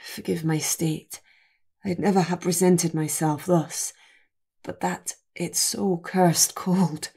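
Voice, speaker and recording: A gruff, slow-spoken male ogre from a storybook with a light Scottish burr, voiced by a woman narrator. He speaks in a deep, gravelly murmur that often drops to a hushed half-whisper, with dry humour under it. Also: steady tone, heavily acted. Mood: wry. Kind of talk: audiobook character voice.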